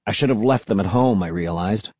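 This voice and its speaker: Husky, mellow-voiced male narrator, lively storybook delivery, dry close mic. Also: lowish voice, brisk, no room sound. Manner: expressive, first-person storytelling. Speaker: audiobook reader.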